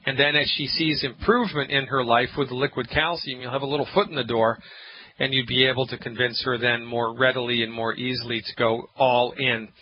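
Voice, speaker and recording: A man runs a call-in health radio show as a naturopath, his medium-pitched voice steady and a little fast. The broadcast is dull and lo-fi, and he stays emphatic and jokey, ranting with mock-angry impersonated quotes.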